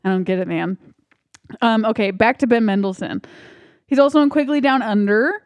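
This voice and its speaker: A woman's voice: on the high side, brisk, no echo. A woman co-hosting a movie podcast, chatting casually and rambling a bit, laughing often. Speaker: podcast co-host.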